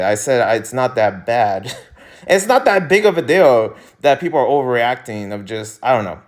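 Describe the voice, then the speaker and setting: A young male vlogger talks in a loose, rambling way, laughing often and suddenly jumping in pitch when he gets worked up. His voice sits at an ordinary middle pitch. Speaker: YouTuber host. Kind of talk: casual commentary vlog.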